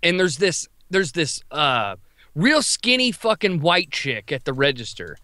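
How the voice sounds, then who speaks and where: A man co-hosting a podcast, telling a wild story in an animated, profane, quick-talking way. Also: a little high, no echo, clean studio sound. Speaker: podcast co-host. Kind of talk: casual storytelling.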